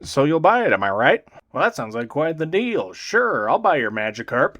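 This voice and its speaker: A young man giving comedic, sarcastic commentary on a video game, swinging between loud exclamations and dry mutters. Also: fairly high pitch, big pitch swings, normal speed, few pauses. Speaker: gaming commentator.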